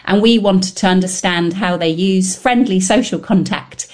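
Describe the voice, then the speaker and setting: A woman researcher answering interview questions, explaining her study in a lively, explanatory way. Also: on the low side, moderate pace. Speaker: scientist guest.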